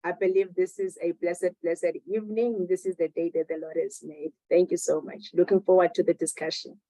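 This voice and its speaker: A woman, a physics professor, greets a panel over a video call in a warm, devout manner. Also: lowish voice, steady tone, fairly quick, dry recording, rough recording.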